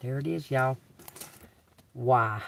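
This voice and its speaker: A man live-streaming a psychic reading from inside a car, talking slowly, spelling out letters and swearing casually. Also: mid-range voice, vocal fry, recorded from a distance, slight background noise.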